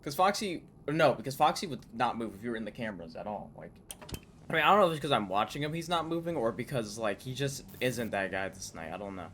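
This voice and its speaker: A young man doing casual gameplay commentary on a horror game, excitable and swearing a lot as he talks to himself. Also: medium pitch, fast. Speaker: gaming YouTuber. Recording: noisy game audio.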